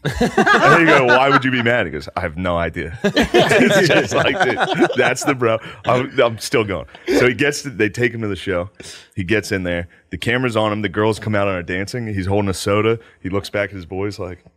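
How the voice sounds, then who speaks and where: A man in his thirties with a low voice tells stories in a loose podcast chat. His pitch swings all over as he acts out the people in the story. It stays casual and animated. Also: fairly quick. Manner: animated storytelling, bursts into loud laughing impressions. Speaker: comedian guest.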